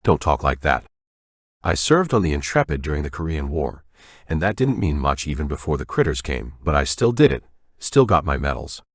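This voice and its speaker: A man's voice: a bass voice, sing-song, normal speed, no echo, studio quality, heavily acted. A man voicing a frail, cantankerous ninety-one-year-old navy veteran who grumbles and bristles at strangers. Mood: grumbling. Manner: crotchety, prickly.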